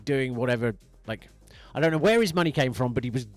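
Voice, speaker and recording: A man's voice: medium pitch, animated, fast, faint music behind. Rambling man hosting a morning radio show. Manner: rambling, self-deprecating, laughs at himself. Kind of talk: casual on-air chat. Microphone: studio microphone.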